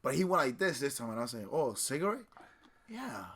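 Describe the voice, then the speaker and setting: A man's voice: medium pitch, fairly quick. A man co-hosting a casual podcast, telling stories with slang and acting out the people he quotes. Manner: animated storytelling with slang, acts out quoted voices. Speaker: podcast co-host. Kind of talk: casual chat.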